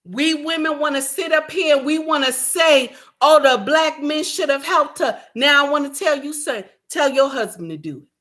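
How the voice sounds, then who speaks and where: Fired-up woman preaching social commentary. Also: high voice. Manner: preachy, repeats lines for emphasis, shouts at times. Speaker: commentary vlogger. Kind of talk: impassioned social commentary monologue.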